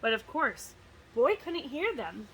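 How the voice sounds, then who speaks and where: Slow, sing-song storybook reader, a woman. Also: high-pitched, sing-song, vocal fry, a bit bright, husky, rough recording. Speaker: student success advisor reading to children. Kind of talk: storybook read-aloud.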